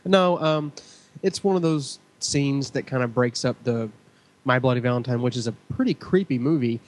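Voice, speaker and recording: A man co-hosts a casual podcast and talks in a jokey, relaxed way. His voice is mid-pitched. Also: normal speed. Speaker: podcast co-host. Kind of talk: casual chat.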